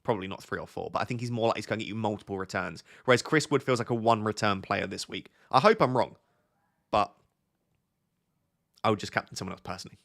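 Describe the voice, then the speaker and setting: A man's voice: lowish voice, fast, creaky. Friendly southern English man streaming live. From Essex, England. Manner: relaxed, friendly, thinks aloud. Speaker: fantasy football streamer. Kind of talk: live stream chat reading viewer questions.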